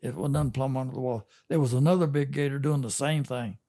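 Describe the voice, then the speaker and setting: A man's voice: mid-range voice, steady tone, dark tone. An older man, a fishing captain telling a folksy story in a casual interview. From Texas. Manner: folksy, drawn-out yarn spinning with chuckles.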